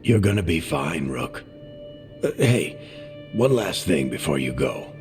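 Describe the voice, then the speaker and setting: A man's voice: low voice, big pitch swings, takes it slowly, gravelly, music in the background, heavily acted. An actor playing a wry male dwarf companion in a video game, with dry, teasing and fond delivery. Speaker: companion character.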